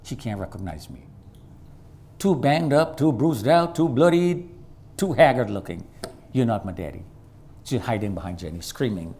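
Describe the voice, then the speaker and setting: A man's voice: sing-song, normal speed. Man preaching a dramatic testimony. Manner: dramatic storytelling, shifts from loud and high to low and quiet; acts out quoted voices. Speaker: guest preacher. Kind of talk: sermon testimony storytelling. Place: church sanctuary.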